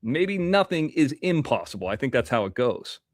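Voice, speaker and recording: A man's voice: medium pitch, sing-song, normal speed, dry recording, clean studio sound. A man hosting a casual livestream, rambling as he reads out viewer donations while nursing a toothache. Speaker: livestream host.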